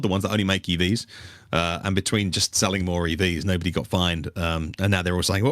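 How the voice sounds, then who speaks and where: Low and fairly bright, this man's voice is recorded in a clean studio with no room sound. As a podcast co-host in casual conversation, he rambles with frequent fillers and restarts.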